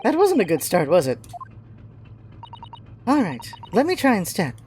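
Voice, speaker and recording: A woman's voice: medium pitch, huge pitch swings, a little slow, darkish tone, soft background music. A young woman hosting a video game playthrough, chatting casually with self-mocking asides. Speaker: let's-play host.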